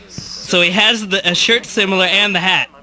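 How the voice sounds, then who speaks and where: A man chatting on a commentary track, giggly and halting, with many fillers. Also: high-pitched, steady tone, bright, forceful tone, rough recording. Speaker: cast member doing commentary. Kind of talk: casual commentary chat.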